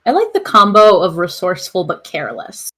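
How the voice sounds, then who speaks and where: A woman player chattily introducing her game character, full of "like" and animated asides. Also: on the low side, brisk.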